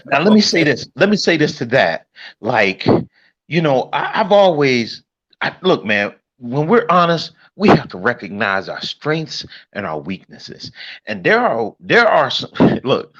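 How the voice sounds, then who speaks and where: Husky-voiced man in lively panel chat. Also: medium pitch, measured pace. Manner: animated, restarts and repeats often. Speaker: panel host. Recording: lo-fi online call audio.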